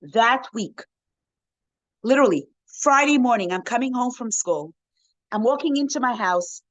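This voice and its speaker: A woman rebbetzin giving an inspirational talk to a women's circle over a video call, telling a story in an animated way with frequent "you know"s and restarts. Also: on the high side, a little slow, no room sound. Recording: dull, dry video-call audio.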